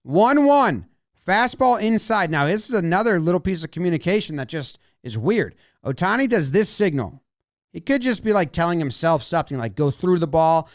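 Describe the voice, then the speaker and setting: Brief: male baseball analyst, high, bouncy voice, dry close sound, playful play-by-play breakdown. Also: moderate pace, no room sound. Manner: animated, acts out players' imagined lines.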